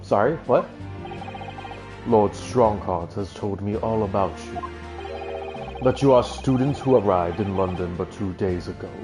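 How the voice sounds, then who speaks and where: A man voicing a haughty aristocratic male prosecutor, speaking in a pompous, low drawl. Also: measured pace, long pauses, close to an everyday voice, rough recording. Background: game music.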